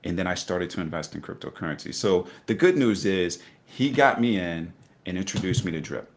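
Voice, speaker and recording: A man's voice: low-pitched, expressive, brisk. A middle-aged man telling his investing story in a casual interview, acting out voices with laughter. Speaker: guest investor.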